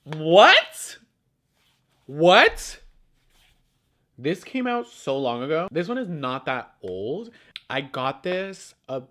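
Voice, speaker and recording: Animated gossipy young man. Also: on the high side, a little slow. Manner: animated, gossipy, lots of "like", swears freely. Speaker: beauty vlogger. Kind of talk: casual chat while doing makeup.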